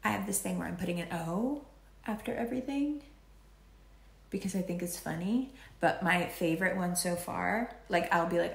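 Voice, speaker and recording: An astrology and tarot reader with a fairly low, creaky voice talks at a moderate pace through a relaxed horoscope and tarot session. She's chatty and playful, drifting off topic and cursing occasionally, in a room with noticeable echo.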